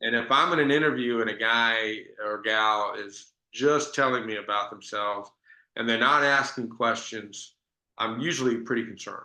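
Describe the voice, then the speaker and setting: Bright-voiced man telling sales stories. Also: medium pitch, moderate pace, roomy sound. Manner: conversational storytelling with restarts. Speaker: sales trainer. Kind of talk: business training talk.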